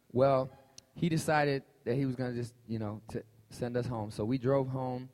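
A man preaching a conversational, animated sermon and telling a personal story to his congregation. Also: medium pitch, moderate pace. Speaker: pastor. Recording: long hall reverb.

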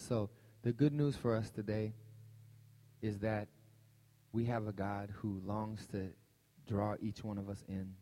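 A man preaching a conversational, animated sermon and telling a personal story to his congregation. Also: lowish voice, a little slow, long pauses. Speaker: pastor. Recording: long hall reverb.

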